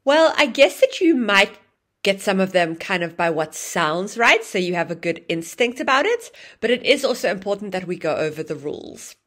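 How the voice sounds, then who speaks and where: Speaking at a moderate pace in a mid-range, slightly bright voice, a woman teaches English grammar. She's very animated, explaining clearly and acting out example phrases with exaggerated rising and falling intonation.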